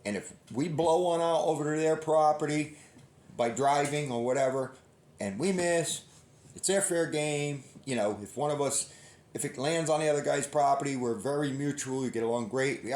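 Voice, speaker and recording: A man's voice: on the high side, animated, normal speed, a little mellow. A middle-aged man hosting a hunting channel, telling a long story in a folksy, rambling way and often restarting his sentences. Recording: roomy echo.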